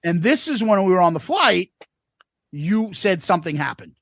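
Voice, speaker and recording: A man in his forties with a high, gravelly voice, co-hosting a casual podcast. He trades laid-back banter full of swearing. The sound is close and dry. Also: sing-song, normal speed, a bit bright, dry recording. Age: 40s. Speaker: podcast co-host.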